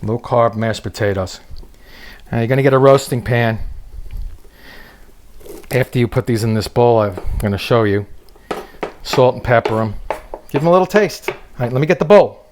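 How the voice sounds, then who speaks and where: A man's voice: mid-range voice, normal speed, pauses often, noisy background. A man hosting a comedic cooking demonstration in a kitchen, joking and teasing his viewers as he goes. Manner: wisecracking, teasing asides to viewers. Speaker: cooking show host.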